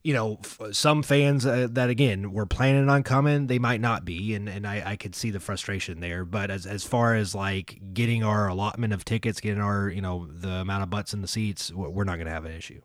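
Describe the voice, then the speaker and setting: A man's voice: on the low side, steady tone, a little fast, few pauses, no echo, clean studio sound. A man co-hosting a casual sports podcast, rambling with many fillers and restarts. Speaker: podcast co-host.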